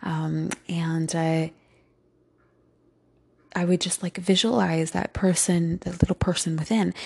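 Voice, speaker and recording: A woman hosting a gentle self-help talk, rambling with many fillers and slipping into whispered asides. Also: lowish voice, steady tone, takes it slowly, vocal fry, long pauses, slightly rough. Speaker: host.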